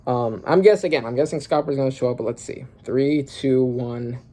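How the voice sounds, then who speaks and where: A young man reacting casually to a comic while reading it aloud, excitable and slangy, thinking aloud with lots of fillers. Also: medium pitch, normal speed. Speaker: manga reaction creator.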